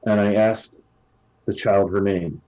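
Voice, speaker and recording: A man voicing a male hunter who recounts a past adventure dramatically, with pauses, in a tabletop game. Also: on the low side, fairly even intonation, mellow, low-quality recording. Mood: wondering. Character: male hunter telling a tale of old.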